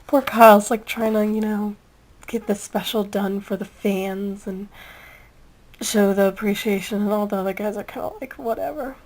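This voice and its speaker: A woman's voice: medium pitch, flat delivery, moderate pace, darkish tone, rough recording. A young woman in casual chat, reviewing a video with a giggly, rambling, gushing manner.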